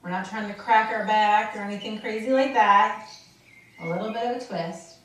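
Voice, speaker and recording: A woman instructor guiding a seated exercise class, with slow, step-by-step encouraging cues. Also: medium pitch, steady tone, a bit bright, highs cut off. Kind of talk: guided seated workout instruction. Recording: roomy sound from a distance, faint noise.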